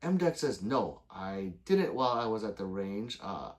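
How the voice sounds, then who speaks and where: A man hosting a casual livestream, reading viewer comments aloud, joking and swearing freely with loud sudden outbursts. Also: fairly low pitch, very animated, moderate pace. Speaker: gun channel livestream host.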